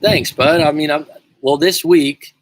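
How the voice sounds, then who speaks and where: A man's voice: a little high, fairly even intonation, measured pace, noisy background. Joking, profane male livestream coach. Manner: joking, profane, rambling with restarts. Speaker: life coach. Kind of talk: casual livestream talk, reading viewer comments.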